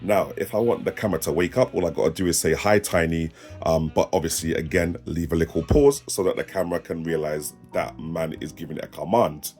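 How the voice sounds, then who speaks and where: Deep-voiced South East London tech reviewer. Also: male voice, quick pace, hardly any pauses, faint music behind. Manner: London slang, laughs, lively and playful. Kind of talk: casual product demo to camera.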